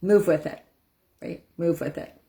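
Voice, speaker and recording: Soothing coach woman, slightly low voice. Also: unhurried, vocal fry. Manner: soothing, demonstrates breathing out with loud whooshing sighs. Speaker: empowerment coach hosting a live session. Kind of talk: casual live-stream teaching.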